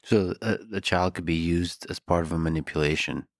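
Brief: very low, dry-sounding male interviewer, calm and measured. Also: no echo. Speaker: podcast host. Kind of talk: interview questions and brief responses.

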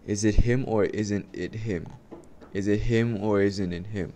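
A man's voice: lowish voice, steady tone, measured pace, dark tone, a little hiss or hum, lightly acted. A man voicing a small male robot that repeats its questions in a storybook reading. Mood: puzzled. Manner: repetitive, questioning.

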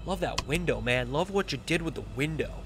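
A young man giving casual let's-play commentary, chatting to the game characters and breaking into excited shouts. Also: fairly high pitch, fairly quick, background noise. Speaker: gameplay commentator.

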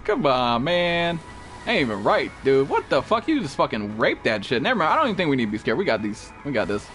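A young man streaming a survival game live, excitable and profane, yelping and shouting at enemies as he plays. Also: medium pitch, a little fast. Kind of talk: live gaming commentary. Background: game music.

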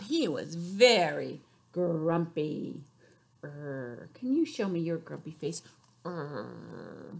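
A woman librarian leading a children's story time, reading aloud with sing-song rhymes, loud cheers and whispered asides. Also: on the low side, slightly rough.

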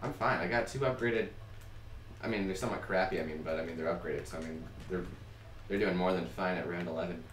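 Low-voiced man narrating his gameplay. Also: fast talker, reverberant, distant mic, a little hiss or hum. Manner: chatty, bossy, bursts into shouting. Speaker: gamer. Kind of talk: casual gameplay chat.

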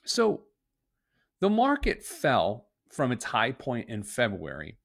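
A man's voice: mid-range voice, wildly swooping pitch, slow pace, vocal fry, a bit bright, no room sound, clean studio sound. Upbeat joking man hosting a live stream. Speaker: financial planner and live stream host. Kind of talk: casual live stream talk.

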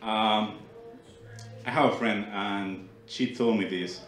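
A man's voice: lowish voice, fairly even intonation, slow pace, fairly bright tone, slight background noise. Young Mexican man doing stand-up. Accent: Mexican Spanish. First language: Spanish. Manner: playful, teasing the audience. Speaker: stand-up comedian. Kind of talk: stand-up comedy set. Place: small comedy club stage. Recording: roomy club sound. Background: audience laughter.

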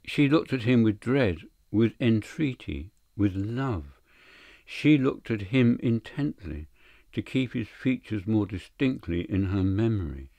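A man narrating a classic short story in a measured, steady audiobook reading. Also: on the low side, no room sound. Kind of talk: scripted literary narration.

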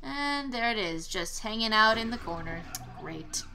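A woman's voice: on the high side, expressive, unhurried, creaky, sharp tone, a little hiss or hum. A young woman giving casual let's-play commentary, exclaiming at failures and trading sarcastic asides with the game. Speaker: gameplay commentator.

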